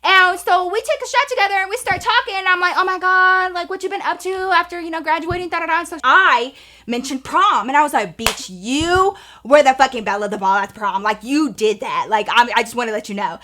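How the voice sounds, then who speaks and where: Bright, animated woman telling a story. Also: very high voice, a little fast. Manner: animated, profane, addresses viewers as y'all. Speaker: storytime vlogger. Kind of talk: casual storytelling.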